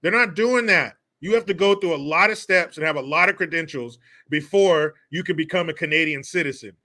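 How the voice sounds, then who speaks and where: Sarcastic man with a bright voice. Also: on the high side, fairly quick. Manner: sarcastic, mocking, swears freely, laughs often. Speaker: host. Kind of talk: casual commentary vlog.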